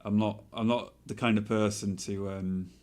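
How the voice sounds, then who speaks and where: Soft-spoken British man, low voice. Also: level tone, moderate pace. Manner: rambling, soft-spoken, prone to tangents. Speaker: Twitch streamer. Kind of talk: casual chat while streaming.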